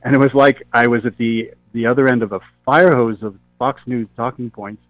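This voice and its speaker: A man hosting a radio talk show, telling a personal story in a rambling, halting way with many fillers. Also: mid-range voice, fairly even intonation, no room sound. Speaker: radio host. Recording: tinny phone-line sound.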